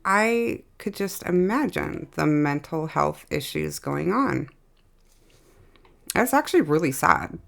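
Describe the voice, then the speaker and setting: A woman's voice: deep voice, expressive, slow pace, vocal fry, a bit bright. A woman hosting a reaction video, talking through her thoughts in casual commentary.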